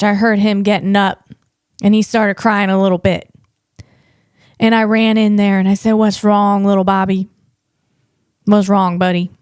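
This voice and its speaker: Bubbly, higher-voiced woman telling comic stories. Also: smooth, dry recording, studio quality. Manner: chatty and rambling, with a playful "man" and "you know" filler; gushing and animated about family. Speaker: podcast host and comedian. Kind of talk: casual comic storytelling.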